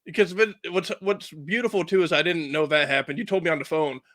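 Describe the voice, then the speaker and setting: A man's voice: a little high, quick pace, a crowd in the background. A man co-hosting a casual podcast, chatty and laughing along with his partner. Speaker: podcast co-host. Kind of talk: casual chat.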